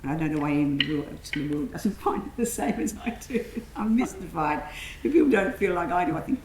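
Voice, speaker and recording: A woman theatre director coaching actors through a rehearsal, enthusiastic and calling out sharp commands. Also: very animated, quick pace, vocal fry, hardly any pauses. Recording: echoey room, faint rumble.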